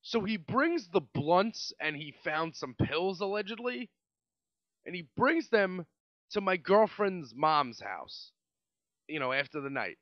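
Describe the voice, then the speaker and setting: New York guy in his late 20s, podcast host, fairly high, animated, swears freely, dry lo-fi mic. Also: takes it slowly, dry recording. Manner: animated, profane, rambling. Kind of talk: casual storytelling monologue.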